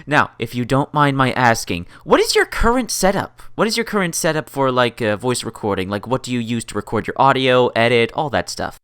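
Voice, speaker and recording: A woman interviewer with a notably deep voice whose pitch moves around a lot. She is affectionate and playfully teasing, and calls her guest "dear". The sound is dry and close, with no room around it. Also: expressive, a little fast, hardly any pauses, fairly bright tone, smooth, no room sound. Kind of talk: casual interview chat.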